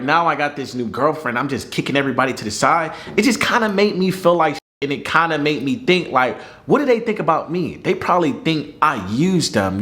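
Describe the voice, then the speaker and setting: A young man telling a personal story in a casual vlog, animated, slangy and profane. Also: mid-range voice.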